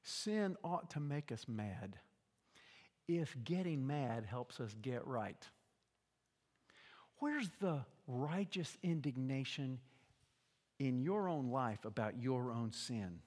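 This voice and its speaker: An older man delivers a sermon in a fairly high voice, swinging between hushed, quiet lines and loud shouts. His voice carries the long reverb of a large hall. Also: expressive, slow pace, pauses often. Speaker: pastor.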